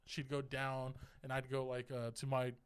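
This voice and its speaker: A young man co-hosting a podcast, telling a long story in a rambling, animated way and laughing as he goes. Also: medium pitch, normal speed, smooth. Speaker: podcast co-host. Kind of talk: casual storytelling.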